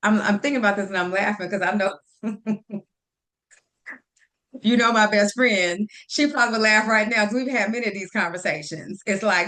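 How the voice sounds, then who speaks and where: A woman guest on a faith talk show who speaks directly and acts out her pep talks with a friend in an animated way. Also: mid-range voice, moderate pace, long pauses. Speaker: podcast guest.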